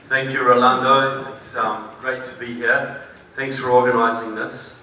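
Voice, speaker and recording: A man with a New Zealand accent delivers an emphatic conference speech, slipping in dry jokes. His voice is bright and carries. He sounds set back from the mic, with a hall echoing heavily around him. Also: medium pitch, level tone, a little slow, slight background noise. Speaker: conference speaker. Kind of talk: public speech. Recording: echoey hall, distant mic.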